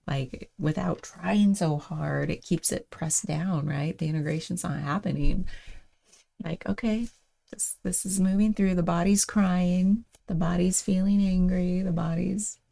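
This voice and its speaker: Woman, host, low voice, gravelly, casual spoken reflection, meandering with fillers. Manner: thoughtful, meandering, many fillers, soft laughs. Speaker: host of a daily reflection show.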